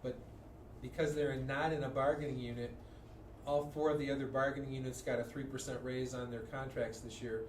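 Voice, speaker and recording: Man, administrator, flat even tone, restarts, distant mic, echoey, noisy. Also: mid-range voice, a little fast. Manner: flat, plain explaining with restarts. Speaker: school district administrator. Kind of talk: explaining at a board meeting. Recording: echoey room, voice from a distance, clear room noise.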